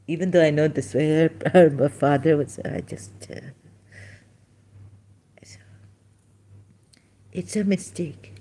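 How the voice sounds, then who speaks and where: A woman talking emotionally on a livestream as an ex-Muslim commentator, halting and searching for words, mixing English with Hindi. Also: deep voice, warm tone. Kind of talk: emotional livestream talk answering questions.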